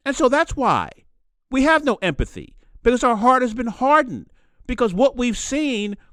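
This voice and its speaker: Impassioned man, lively high-pitched voice. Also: no room sound. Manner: impassioned, preachy, repeats phrases for emphasis. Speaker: podcast host. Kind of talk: solo opinion monologue.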